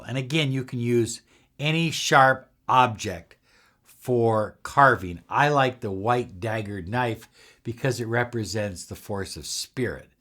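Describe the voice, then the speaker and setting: A middle-aged man calmly demonstrating and explaining a spiritual ritual step by step, sometimes dropping to a soft, hushed voice. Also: medium pitch. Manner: calm, measured, drops to a soft near-whisper while demonstrating. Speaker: spiritual teacher.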